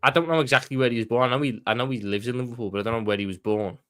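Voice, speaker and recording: A man from the Wirral, co-hosting a football talk show, animated and swearing with quick comebacks. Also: mid-range voice. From the Wirral, England. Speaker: co-host, football pundit. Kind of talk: casual banter.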